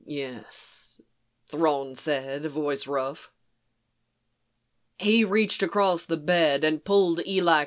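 A narrator reading fan fiction aloud in a slow, even, unhurried way. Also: medium pitch, clean tone. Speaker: audiobook narrator.

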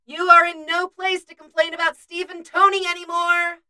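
A woman's voice: medium pitch, sing-song, slow, pushed and bright, husky, recorded from a distance, full character voice. A woman voicing a dry, scolding young woman scientist calling out from another room.

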